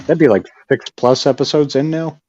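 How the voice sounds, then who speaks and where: A man's voice: on the high side, moderate pace, a little mellow. A man co-hosting a casual podcast chat, asking short questions. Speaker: podcast co-host. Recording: dull lo-fi sound.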